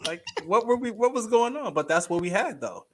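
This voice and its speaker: Guy in his 30s telling stories on a talk show, lively, acts out the quotes, bit high pitched. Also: a little fast. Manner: animated storyteller, acts out quoted voices. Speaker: radio host and guest co-host. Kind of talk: casual chat.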